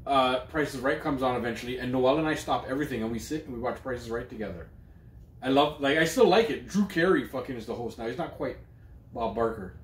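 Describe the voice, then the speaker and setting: A man riffing loosely as a podcast co-host, with a medium-pitched voice. He swears freely and trips over his own restarts. The room around him sounds echoey. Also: fast. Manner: loose, profane, jokey, with many restarts. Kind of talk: casual chat.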